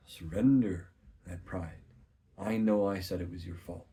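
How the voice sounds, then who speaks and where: A man in his thirties sharing a personal faith testimony in an earnest, searching way, often soft and hushed. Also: low voice, a little slow. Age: 30s.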